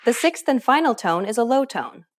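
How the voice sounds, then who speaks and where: A woman narrating a scripted lesson, explaining pronunciation clearly and step by step. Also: a little high, sing-song, moderate pace. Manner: clear, instructive. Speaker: pronunciation teacher.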